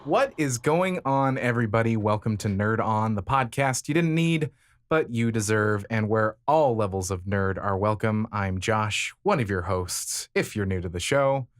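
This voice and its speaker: A man's voice: fairly low pitch, expressive, normal speed. A man co-hosting a podcast, joking in easygoing casual chat. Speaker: podcast co-host.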